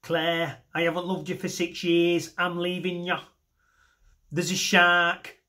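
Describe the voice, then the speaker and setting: A nasal Mancunian chap, put on by a male comic, who hammers away on a single note and sways through every sentence. He pitches it higher than his own speaking voice, chatty and flat all at once. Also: takes it slowly, heavily acted. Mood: sing-song. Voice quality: nasal, sing-song on one note.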